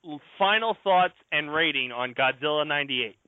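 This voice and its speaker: Male podcast host, lively pitch, laughs easily, tinny dry audio. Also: normal speed, clear, resonant tone, dry recording. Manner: laughs often, asks for ratings. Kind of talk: casual podcast chat.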